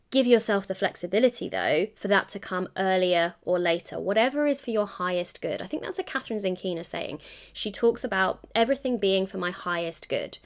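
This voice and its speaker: A young woman talks straight to her listeners in a solo podcast. Her delivery is chatty and encouraging, and she often catches and corrects her own phrasing mid-sentence. Her pitch sits in the middle of the usual range. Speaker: podcast host. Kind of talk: solo coaching podcast monologue.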